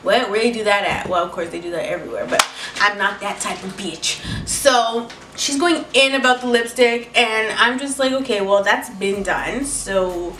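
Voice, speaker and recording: A young woman telling a storytime vlog with lots of swearing and emphatic, animated delivery. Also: medium pitch, normal speed. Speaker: beauty vlogger. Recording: roomy, distant mic, faint music.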